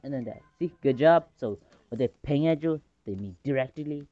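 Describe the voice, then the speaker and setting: A man casually commentating his own game match, rambling between calls and excitable in fights. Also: mid-range voice, normal speed, no echo. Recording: dull lo-fi recording.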